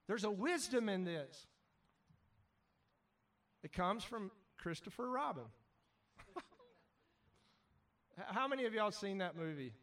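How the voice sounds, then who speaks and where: A man preaching a sermon as pastor, animated, shouting at times and then dropping to quiet asides. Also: very high voice, distant mic.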